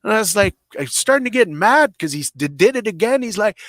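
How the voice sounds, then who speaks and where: A man's voice: high voice, big pitch swings, fast, few pauses, a bit bright, no echo. A man on a podcast, telling crude comic stories in a blunt, boisterous, self-mocking way and swearing often. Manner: boisterous, swears a lot, acts out voices in stories. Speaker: podcast guest.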